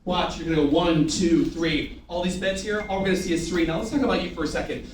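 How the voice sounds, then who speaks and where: Speaking fast in a fairly high pitch, this man runs a live sales training with lots of energy, firing rhetorical questions and having the room repeat after him. The audio comes from far off in an echoey room, with faint noise.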